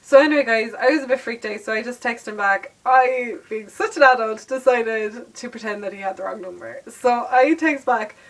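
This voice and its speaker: A woman's voice: on the high side, moderate pace, hardly any pauses, far from the mic, low-quality recording. A young Irish woman vlogging, telling a story casually to camera with lots of fillers and laughter.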